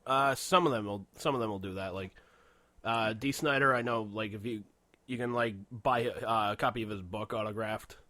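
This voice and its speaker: A man co-hosting a casual podcast, telling stories in an animated way with lots of swearing and laughter. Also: lowish voice, moderate pace, no echo. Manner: animated storytelling, heavy swearing, frequent laughter. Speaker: podcast co-host. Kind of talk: casual chat.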